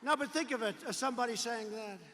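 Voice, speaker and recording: A man's voice: extremely high pitch, fast talker, pushed and bright, slight background noise. A man giving a political rally speech in a large arena, emphatic, repetitive and digressive. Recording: reverberant arena hall.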